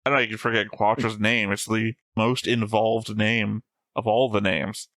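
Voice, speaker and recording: Dry, contrarian low-voiced man. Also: flat delivery, moderate pace, a bit bright, dry recording. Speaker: co-host of an anime reaction show. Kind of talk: casual chat, reading prepared notes.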